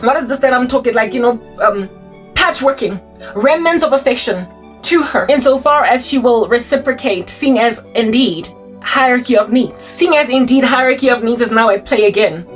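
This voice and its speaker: Woman, informal sermon, rambling, impassioned, slightly high voice, faint music behind. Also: recorded from a distance. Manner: rambling, impassioned, breaks into song and acted quotes. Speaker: online preacher. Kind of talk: informal spoken sermon monologue.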